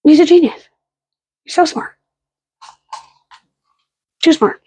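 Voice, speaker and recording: A woman's voice: high-pitched, slow, warm tone. A young woman vlogging at home late at night, rambling casually, swearing now and then and cooing at her dogs. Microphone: camera on a fixed stand.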